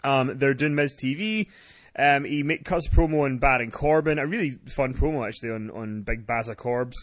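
A man's voice: medium pitch, moderate pace, no echo. A man hosting a podcast, casually recapping wrestling with swearing and laughter. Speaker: podcast host.

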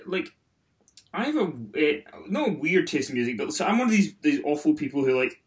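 A man's voice: a little high, big pitch swings, a little fast, distant mic. A tired man co-hosting a podcast in casual banter, dry and teasing. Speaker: podcast co-host.

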